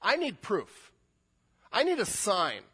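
A man's voice: high-pitched, wildly swooping pitch, slow, bright, forceful tone, husky, voice pushed up, full character voice. A man voicing a doubting old priest who pleads in exasperation that he and his wife are too old. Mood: incredulous.

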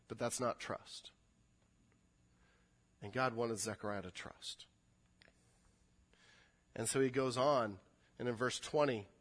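A man preaching a sermon in an animated way, building to emphatic peaks. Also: medium pitch. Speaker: pastor.

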